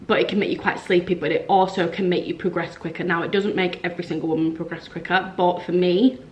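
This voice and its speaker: Young woman, vlogger, slightly low voice, chatty storytelling with lots of "like". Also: lo-fi sound. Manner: chatty, frequent "like", acts out quoted dialogue. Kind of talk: casual storytelling to camera.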